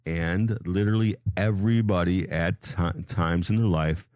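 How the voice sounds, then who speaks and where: A man hosting a radio show, reading quotes slowly and deliberately, then adding casual asides and rereading lines when he stumbles. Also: sits low, fairly even intonation, darkish tone, no echo, clean studio sound. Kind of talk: reading and commenting on scripture quotes.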